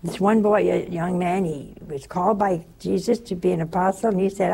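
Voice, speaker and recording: A woman giving a spiritual talk, telling stories with lively energy and dropping into whispers for emphasis. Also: lowish voice, a little fast, creaky, hardly any pauses, slightly rough. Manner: animated storyteller, dips into whispers for emphasis. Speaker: religious teacher.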